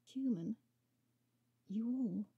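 A woman's voice: fairly high pitch, very slow, warm tone, breathy edge, dull audio, voice pushed up, exaggerated voice. Woman voicing a defiant young captive. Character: defiant captive young woman, frightened but sharp-tongued.

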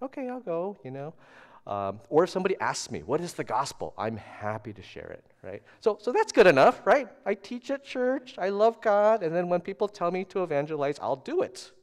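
A middle-aged man tells a personal story from the pulpit in a chatty, self-deprecating sermon. His voice sits in a middle register and keeps checking in with his listeners, dropping to hushed asides before rising into loud, animated bursts. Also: mid-range voice, smooth. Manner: conversational, self-deprecating, often asks "right?". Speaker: guest preacher. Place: church service.

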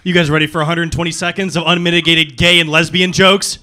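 A man's voice: fairly high pitch, little pitch movement, quick pace, bright, forceful tone. A man doing a stand-up set with brash, profane punchlines. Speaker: stand-up comedian. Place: small live comedy venue.

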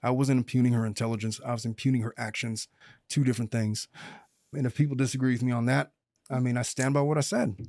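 A man's voice: mid-range voice, fairly even intonation, fast, darkish tone, no room sound. Blunt, opinionated man on a dry mic. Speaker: podcast host and lawyer. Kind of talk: casual legal commentary chat.

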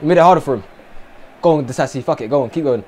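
A young man commentating on his own football video game, shouting, swearing and groaning at his players. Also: fairly high pitch, very fast. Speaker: gaming streamer. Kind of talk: excited live gameplay commentary.

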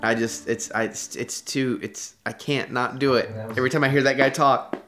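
A woman's voice: very deep voice, fairly even intonation, normal speed, a bit bright, faint music behind. A woman hosting a boozy movie reaction, giggling, swearing and sing-songing jokes. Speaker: reaction video host. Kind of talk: drunken movie reaction commentary.

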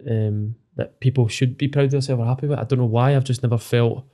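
A Scottish footballer in his thirties, guesting on a podcast, talks openly and emotionally and swears often. His medium-pitched voice is warm and fairly even, and he speaks at a quick pace.

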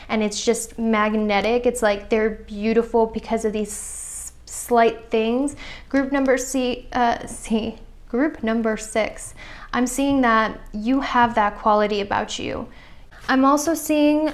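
A young woman giving a pick-a-card tarot reading straight to her viewers, earnest and chatty, full of "I feel like" and "you know". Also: fairly high pitch. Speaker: tarot reader.

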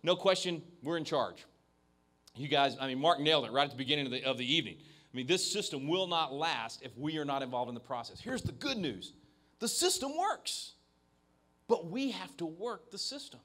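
A man's voice: on the high side, expressive, normal speed, fairly bright tone. A man giving a keynote speech to an evening event audience into a handheld microphone, talking with emphasis and frequent restarts. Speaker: keynote speaker. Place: event venue, in front of an audience.

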